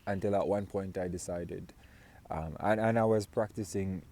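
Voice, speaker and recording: A man's voice: sits low, fairly even intonation, normal speed, warm tone. A man from Syria telling a personal story to camera, rambling with fillers and restarts. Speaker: vlogger.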